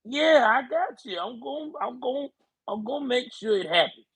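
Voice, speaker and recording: Man putting on a doddering old politician, high and stammery, husky, dry. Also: animated, moderate pace, a bit bright, full character voice, low-quality recording. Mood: placating. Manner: stammering, reassuring, mumbling. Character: doddering old male politician, rambling and evasive.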